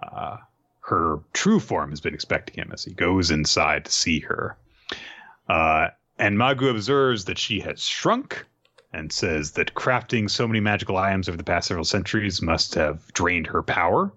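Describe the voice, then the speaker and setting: A man's voice: sits low, normal speed, pushed and bright. A man recapping a story casually, rambling with many fillers and jokey asides. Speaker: podcast host recapping an anime. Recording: dull lo-fi sound.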